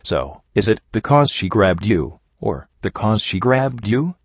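A man's voice: fairly low pitch, animated, measured pace, no echo. A man voicing a blunt, snarky adult female pony who talks in a dry, matter-of-fact way, in a dry, slightly dull recording. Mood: calm.

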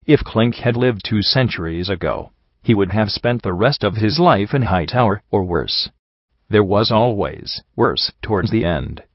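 Brief: male audiobook narrator, brooding, lowish voice, dry close sound. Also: expressive, measured pace, no echo, highs cut off. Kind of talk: first-person story narration.

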